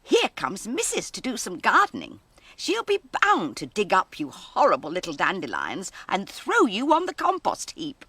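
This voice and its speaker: A woman's voice: medium pitch, wildly swooping pitch, moderate pace, sharp tone, husky, no echo, exaggerated voice. A woman voicing a group of proud, snobbish lilies in a children's storybook tale, pompous and shrieking. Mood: gloating. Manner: pompous, shrieking, sing-song. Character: snooty haughty female lilies, proud and shrill.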